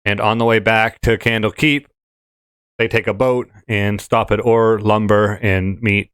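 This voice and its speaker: A man hosts a relaxed gaming chat show, wandering from thought to thought with plenty of fillers and restarts. His voice is smooth and resonant, recorded close and dry with no room sound. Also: lowish voice, unhurried, dry recording. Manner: rambling, with many fillers and restarts. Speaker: podcast host. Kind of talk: casual chat.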